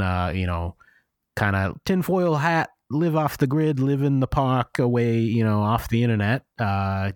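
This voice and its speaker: A man's voice: lowish voice, no echo, studio quality. A man co-hosting an improvised comedy podcast, rambling and restarting his sentences in mock-defensive banter. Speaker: podcast co-host. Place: studio.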